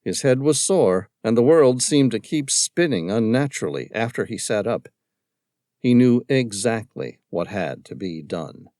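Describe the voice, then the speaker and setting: A male audiobook narrator reading a novel in steady, even storytelling. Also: medium pitch, a little slow, no room sound, clean studio sound. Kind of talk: scripted narration.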